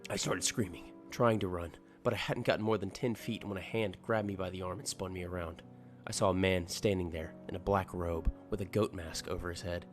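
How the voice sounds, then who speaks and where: A man's voice: sits low, fairly even intonation, brisk. A man reading a horror story aloud as a scripted narration, tense and dramatic. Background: music.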